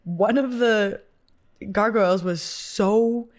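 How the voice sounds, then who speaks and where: A woman's voice: medium pitch, takes it slowly. A young woman co-hosting a podcast, chatting casually and crudely, often laughing and trailing off mid-sentence. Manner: giggly, rambling, crude. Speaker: podcast co-host. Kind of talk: casual comedic chat.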